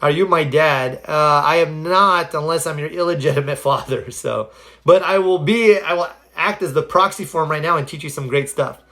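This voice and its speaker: A man speaking at normal speed in a slightly high voice chats on a live stream, sharing earnest stories and motivational advice. Every so often he stops to answer viewer comments directly, staying animated throughout.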